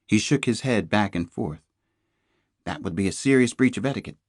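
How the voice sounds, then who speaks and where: Male audiobook reader, tense first-person thriller, deep-ish voice, dry close read. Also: expressive, moderate pace, no room sound. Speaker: audiobook narrator. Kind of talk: scripted first-person narration.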